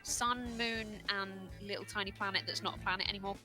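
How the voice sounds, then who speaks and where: A woman's voice: mid-range voice, steady tone, brisk, rough recording. A woman co-commentating a game speedrun in a chatty way, laughing often and asking curious questions. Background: game music.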